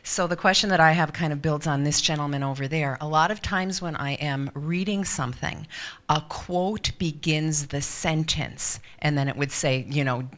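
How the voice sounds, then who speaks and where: A woman's voice: deep voice, normal speed, a bit bright. A woman in a workshop audience, asking a careful, thoughtful question about reading aloud.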